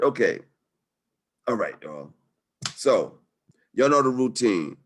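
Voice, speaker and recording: A man's voice: on the low side, very animated, takes it slowly, long pauses, husky. Slangy, hyped-up male webinar host. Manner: hype, slangy, upbeat. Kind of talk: live webinar sales talk.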